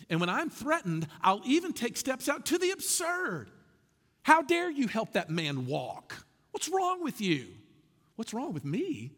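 Animated high-voiced preacher in reverb. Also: male voice. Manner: conversational preaching with direct asides to listeners. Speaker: pastor. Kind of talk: sermon.

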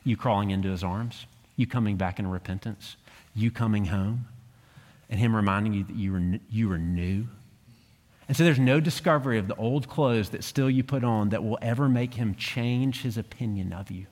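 Earnest male pastor in a reverberant hall. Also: moderate pace. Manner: earnest, expressive, pitch rises on emphasis, drops soft for closing prayer. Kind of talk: sermon. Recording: long reverb of a large hall.

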